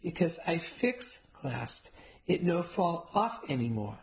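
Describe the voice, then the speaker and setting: Woman putting on a stubborn old lady, broken english, low-ish voice, storybook. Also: sing-song, slow, heavily acted, rough recording. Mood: scornful. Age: older. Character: bossy cranky elderly woman, broken English.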